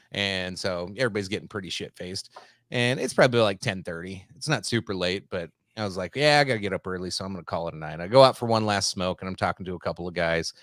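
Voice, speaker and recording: A man's voice: lowish voice, fairly bright tone, no room sound, clean studio sound. A man hosting a podcast who tells a rambling, profane story in a casual way, full of fillers, and calls himself a simple country boy. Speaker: podcast host.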